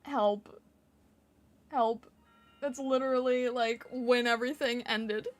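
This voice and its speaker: A woman streaming live, chatting casually with her chat, giggling often, her voice squeaking when she laughs or yells. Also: fairly even intonation, slow pace.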